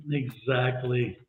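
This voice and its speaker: A man co-hosting a casual live stream, reading out viewer comments and adding slow, laughing asides. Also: mid-range voice, a little hiss or hum. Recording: tinny echoey phone-like call.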